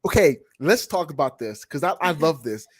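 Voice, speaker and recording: A man's voice: fairly high pitch, lively intonation, normal speed, slightly rough, no room sound. A man in a casual review chat, playful and teasing, emphatic when he makes a point. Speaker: guest reviewer.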